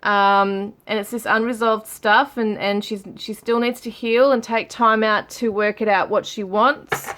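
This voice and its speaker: A woman giving a relaxed tarot reading, musing aloud with frequent fillers as she reads out card messages. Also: on the high side, a little slow, few pauses, a little hiss or hum. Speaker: tarot reader. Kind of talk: casual tarot reading for viewers.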